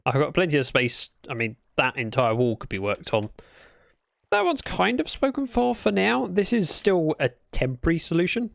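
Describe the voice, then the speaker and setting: A man's voice: on the high side, big pitch swings, moderate pace, gravelly, fairly bright tone, dry recording, clean studio sound. A British man livestreaming a game, chatting casually in a rambling, playful way and correcting himself as he goes. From Britain. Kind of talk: casual gameplay chat.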